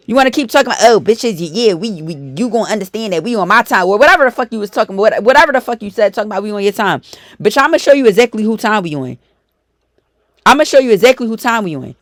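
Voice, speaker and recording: A woman's voice: a little high, dry recording. A woman YouTuber, delivering a profane, confrontational storytime rant.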